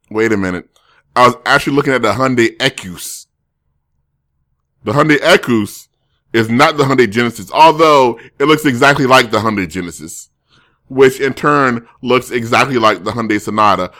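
A man's voice: medium pitch, moderate pace, bright, forceful tone. A man streaming casually, reading viewer comments and rambling through jokes and self-corrections.

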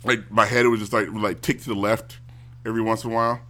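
A man ranting casually to a stream audience, animated and given to mocking impressions. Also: fairly low pitch, fast talker. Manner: animated, mocks others in loud exaggerated voices.

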